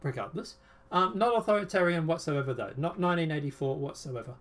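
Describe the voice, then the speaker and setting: A man's voice: a little high, a little fast. A man hosting a casual political chat show, talking in a rambling, sarcastic, emphatic way. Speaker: show host.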